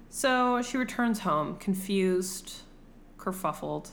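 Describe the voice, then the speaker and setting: A woman casually retelling a classic novel in an irreverent, animated way, swearing freely. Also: on the low side, measured pace, slight background noise. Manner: irreverent, profane, animated storytelling. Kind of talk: casual comedic book retelling.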